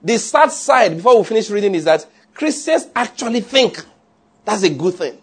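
A man's voice: high-pitched, very animated, moderate pace, slightly rough. A man preaching a conversational sermon, often checking that listeners follow.

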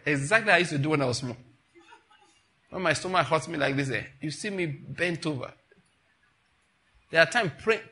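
Pastor, middle-aged, bright and fairly high voice, animated sermon delivery. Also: male voice. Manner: animated and conversational, acting out dialogues.

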